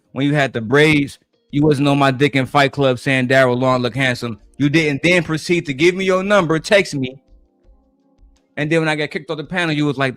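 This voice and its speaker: A man's voice: fairly high pitch, fairly bright tone, no room sound. Casting: man live-streamer, heated profane rant, dry sound, faint music under. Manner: fast, heated, profane ranting.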